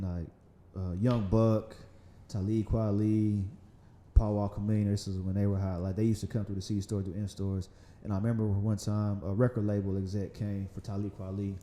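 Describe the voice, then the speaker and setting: A man in his thirties with a light Southern accent, a podcast guest talking in a relaxed, rambling way, often laughing and saying "man". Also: on the low side, moderate pace, roomy sound. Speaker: magazine founder, podcast guest. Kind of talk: casual interview conversation. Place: podcast studio.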